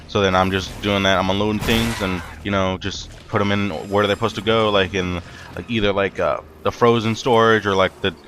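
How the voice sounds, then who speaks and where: A man's voice: low-pitched, a bit bright. A young man tells a rambling, profane story from work while commentating a video game, full of fillers and restarts. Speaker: gaming commentator. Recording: faint ambient noise.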